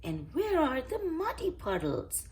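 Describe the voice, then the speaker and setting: A woman's voice: sits high, huge pitch swings, a little slow, a little mellow, voice pushed up, full character voice. Woman reading as a chirpy little girl piglet. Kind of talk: read-aloud picture book.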